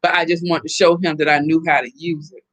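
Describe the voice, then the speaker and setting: A middle-aged woman from the Southern United States hosting a casual live stream, chatting and reacting to viewer comments in an animated way. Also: low voice, quick pace. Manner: chatty and animated, laughing often. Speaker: host reading viewer comments.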